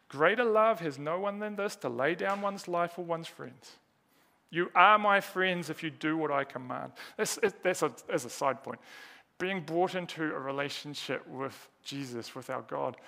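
Gravelly, bright-voiced male preacher. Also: a little high. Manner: earnest, rhetorical questions, emphatic repetition. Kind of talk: sermon.

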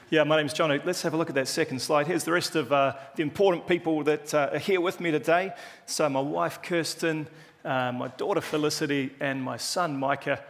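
Kiwi guy preaching, chatty and jokey, bit higher voice, echoey church hall. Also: creaky, fairly bright tone. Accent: New Zealand. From New Zealand. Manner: chatty, joking, self-deprecating. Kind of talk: casual sermon.

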